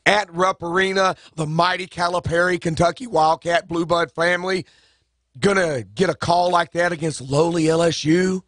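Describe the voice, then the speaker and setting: Male sports radio sidekick, wry banter, bright tone, dry booth. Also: a little high, steady tone, normal speed, dry recording. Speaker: radio co-host. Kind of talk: casual sports talk radio.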